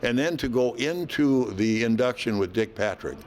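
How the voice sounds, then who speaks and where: An older man, a veteran hockey announcer, telling stories in an interview in a folksy, unhurried way with frequent fillers. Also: medium pitch, lively intonation, darkish tone. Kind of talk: relaxed interview storytelling.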